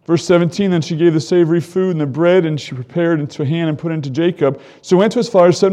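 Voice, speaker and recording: A man's voice: high-pitched, dark tone. A man teaching from the Bible, reading scripture aloud and breaking off to comment, his voice climbing when he quotes the characters. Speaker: preacher.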